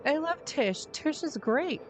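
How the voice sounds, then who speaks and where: A woman's voice: high voice, animated, slow, slight background noise, pitched above the performer's own voice. A woman streamer reading the lines of a bitter, sarcastic boy from a story game, blunt and slangy. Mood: glum. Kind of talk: game dialogue read aloud.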